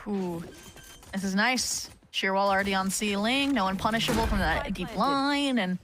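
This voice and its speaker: A woman giving analysis during an esports broadcast, talking in an animated way with frequent "like" and "right?". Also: mid-range voice, normal speed, background noise. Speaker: esports caster. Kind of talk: esports color commentary.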